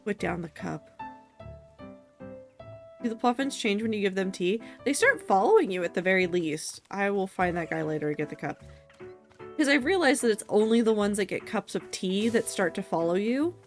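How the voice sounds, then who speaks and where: A woman's voice: medium pitch, expressive, brisk, soft background music. Playful young woman streamer. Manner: playful, mock-exasperated. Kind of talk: casual game commentary.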